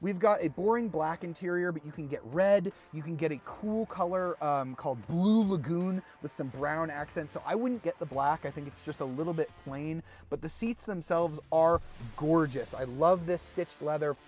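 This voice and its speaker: Male car reviewer, slightly high voice, chatty and enthusiastic, faint music under him. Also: moderate pace, a little mellow. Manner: enthusiastic, conversational presenting. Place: beside and inside a parked car.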